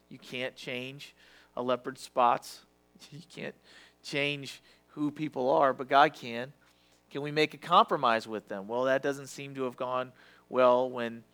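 A man preaching a sermon with passion, swinging from loud to hushed and sometimes stumbling over his words. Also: medium pitch.

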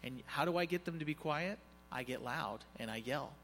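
Animated preaching man in a reverberant hall. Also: fairly high pitch, moderate pace. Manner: animated, joking asides to the congregation. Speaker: pastor. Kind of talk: conversational sermon. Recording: long reverb, faint music behind.

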